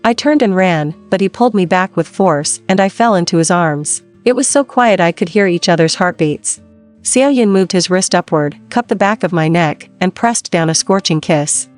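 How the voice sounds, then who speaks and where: A woman narrating a first-person story in a calm, steady, scripted manner, her voice lowish in pitch. Faint background music runs under the reading throughout. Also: moderate pace.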